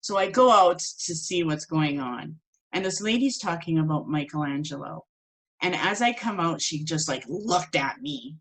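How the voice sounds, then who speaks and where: A woman with a somewhat low-pitched voice tells a story from her own life to her students. She is animated and conversational, and she acts out the voices of the people in the story. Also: normal speed, rough recording. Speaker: spiritual teacher. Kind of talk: personal storytelling in a course.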